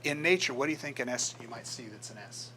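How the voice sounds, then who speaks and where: A man's voice: mid-range voice, quick pace, bright, forceful tone, a little hiss or hum, rough recording. An older man, a graphic designer, giving a casual talk to a club and acting out the voices in his stories. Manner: storytelling, acts out quoted voices. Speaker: guest speaker, graphic designer. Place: meeting room.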